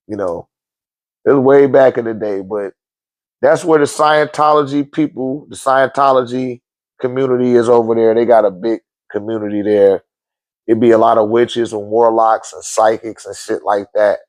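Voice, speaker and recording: A man in his forties or older telling a story casually, swearing often, laughing, and acting out quotes in sudden high outbursts. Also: moderate pace, no echo. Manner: profane, animated, laughs often. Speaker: podcast host telling a story.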